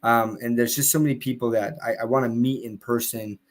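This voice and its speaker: A man's voice: mid-range voice, steady tone, fairly quick. A man on a live stream telling a long casual story, full of fillers and restarts, laughing now and then.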